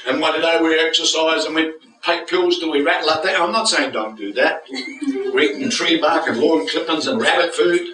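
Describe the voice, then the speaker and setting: A man's voice: on the high side, fairly quick. An older man preaching a joke-filled sermon, often asking the congregation for an amen. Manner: lively storytelling with jokes and call-and-response. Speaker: guest preacher. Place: church hall with congregation. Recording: echoey church hall from far off with crowd.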